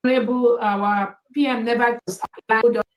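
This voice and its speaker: A woman giving a formal, measured public speech, heard in a played clip. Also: fairly high pitch, steady tone. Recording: distant, roomy clip audio.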